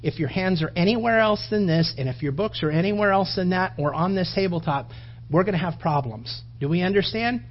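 A man voicing a burly, stern male schoolteacher who speaks in a soft, fine voice with slow, precise classroom commands. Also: high voice, expressive, lo-fi sound.

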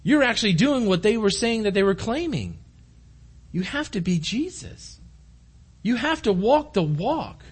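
Male pastor, high lively delivery, earnest and direct with the congregation. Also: unhurried, slightly rough. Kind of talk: conversational sermon. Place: church room.

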